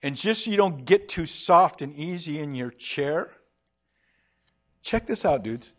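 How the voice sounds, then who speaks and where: Casual, animated male preacher. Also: fairly high pitch. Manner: casual and animated, slangy asides like "dude"; voices imagined speakers in quick asides. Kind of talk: sermon.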